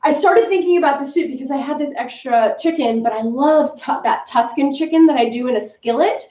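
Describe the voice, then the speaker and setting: Chatty high-voiced woman cooking, roomy distant sound. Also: a little fast, mellow. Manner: chatty, rambling, scattered. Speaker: cooking vlogger. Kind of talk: casual live cooking demo. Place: home kitchen. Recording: roomy, distant, dull mic.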